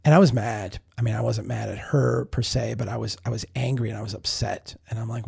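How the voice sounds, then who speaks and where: A man with a gravelly, very husky voice and a dark, mellow tone tells a personal story on a podcast. He talks in a candid, self-reflective way, often restarting sentences and repeating words as he thinks aloud. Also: fairly low pitch, steady tone, fairly quick, few pauses. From Minnesota. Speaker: podcast host. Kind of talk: casual storytelling monologue.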